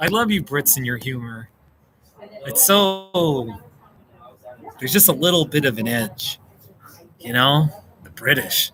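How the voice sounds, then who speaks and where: A man's voice: medium pitch, animated, slow, long pauses, a bit bright, poor audio. An American man hosting a casual live stream, chatting and reacting to viewer comments with frequent laughs. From United States. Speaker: livestream host. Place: indoors, seated at a table.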